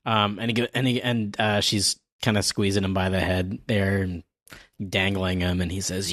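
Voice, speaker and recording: A man's voice: deep voice, level tone, moderate pace, a bit bright, dry recording, studio quality. A man co-hosting a podcast, recapping a comic chapter in rambling casual chat full of fillers. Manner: rambling narration with many fillers and laughs. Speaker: podcast co-host.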